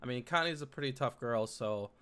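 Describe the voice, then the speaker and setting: A man reacting to a TV episode in casual commentary, prone to loud excited outbursts and repeated exclamations. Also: medium pitch, a little fast, smooth. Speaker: reaction video host.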